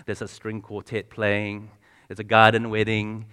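A man's voice: fairly low pitch, monotone, a little slow, sharp tone, smooth. Man preaching conversationally in a reverberant hall. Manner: conversational, asks the congregation questions; frequent restarts and repeated words. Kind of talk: sermon.

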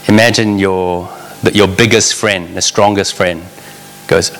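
Male preacher, earnest and conversational, talks straight to his congregation; sharp, forward tone; church hall with a long tail of reverb. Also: deep voice, fairly even intonation, measured pace. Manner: earnest, conversational preaching that addresses listeners directly. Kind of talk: sermon.

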